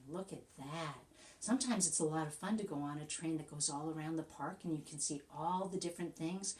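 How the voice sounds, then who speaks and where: A woman teacher reading a picture book aloud to young children, animated and coaxing, often asking them questions. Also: fairly low pitch.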